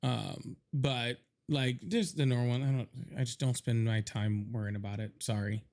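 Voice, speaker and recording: A man hosting a livestream who rambles casually and laughs easily. His pitch sits in an ordinary middle range, and he thanks viewers between his thoughts. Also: fairly even intonation, normal speed, darkish tone. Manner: loose, rambling, laughs often, reads donations aloud. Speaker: livestream host.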